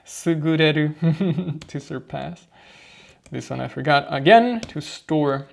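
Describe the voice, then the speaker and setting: Slow, gravelly man muttering through flashcards. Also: on the high side, lively intonation. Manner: slow, muttering to himself, thinking aloud. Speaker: language learner reviewing flashcards. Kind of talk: casual study session vlog.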